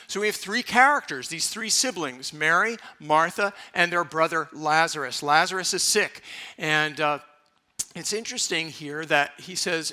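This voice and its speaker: A man's voice: on the high side, moderate pace, sharp tone. A man preaching a conversational sermon in a church, leading the congregation in repeating phrases. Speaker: pastor. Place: church sanctuary.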